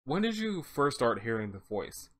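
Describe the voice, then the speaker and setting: A reader voicing an adult interviewer who asks questions in a slow, patient way. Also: medium pitch, big pitch swings.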